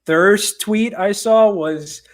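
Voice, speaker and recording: Animated, higher-voiced man telling stories. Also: slow pace. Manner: animated, self-mocking storyteller. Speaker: comic book writer, guest. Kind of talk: casual interview chat.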